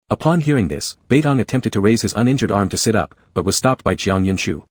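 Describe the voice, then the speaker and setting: Low husky male narrator. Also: lively intonation, fast talker, no echo, studio quality. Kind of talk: scripted story narration.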